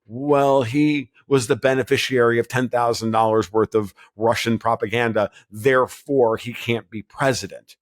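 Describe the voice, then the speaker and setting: A man's voice: medium pitch, steady tone, moderate pace, hardly any pauses. Blunt rambling man in a podcast chat. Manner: blunt, rambling, frequent restarts. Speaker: guest commentator. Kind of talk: casual podcast interview.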